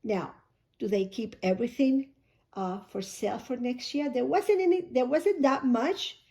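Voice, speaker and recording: A woman vlogger, hoarse and coughing, chatting casually as she unboxes and packs a gift box, often rambling and correcting herself. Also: medium pitch, dark tone. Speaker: shoebox-packing vlogger.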